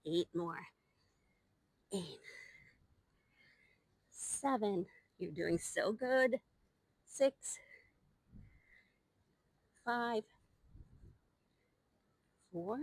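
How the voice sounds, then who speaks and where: The Pilates instructor, a young woman, leads a live workout while winded, counting reps and encouraging her class. She draws out her words and leaves long pauses in a slightly mellow, medium-pitched voice, with no echo on the new microphone.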